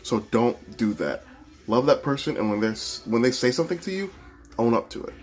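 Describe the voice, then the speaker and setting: A man's voice: medium pitch, lively intonation, a little fast, very noisy. A man vlogging at home, chatting earnestly and casually as he answers relationship questions, with asides and restarts. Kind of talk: casual vlog chat. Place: his home, walking from bedroom to kitchen.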